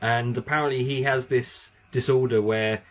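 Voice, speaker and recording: A man's voice: mid-range voice, fairly even intonation, moderate pace. A man co-hosting a casual show, joking and rambling as he tells stories. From United Kingdom. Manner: joking, rambling, laughs often. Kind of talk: casual chat on a live show.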